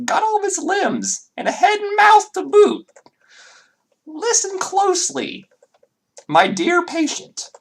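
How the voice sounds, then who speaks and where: A man voicing a creepy male goblin doctor who speaks in a high, heavily accented voice with gleeful relish. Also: a bit bright, exaggerated voice.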